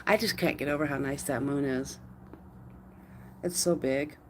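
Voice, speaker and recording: A woman chatting casually on a live stream from her yard at night, talking to viewers and cooing at her dog in a high sing-song voice on a phone mic. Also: moderate pace, slight background noise.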